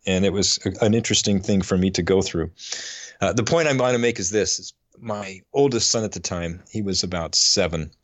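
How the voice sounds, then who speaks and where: Middle-aged guy, low voice, dry close sound, earnest and kinda choked up, lots of restarts. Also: dry recording. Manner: earnest, halting, with frequent restarts. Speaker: podcast co-host. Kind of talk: personal storytelling.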